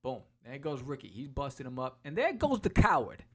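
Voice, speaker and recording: A man hosting a podcast, walking casually through a comic book and acting out its quotes in quick voices. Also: mid-range voice, very animated, slightly rough. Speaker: podcast host.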